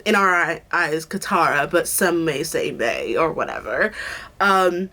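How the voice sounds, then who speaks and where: A young woman talking to camera in a loose, gushing chat, full of "like" and quick asides. Her voice sits at a middling pitch. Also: a bit bright. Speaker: YouTube host. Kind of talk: casual chat.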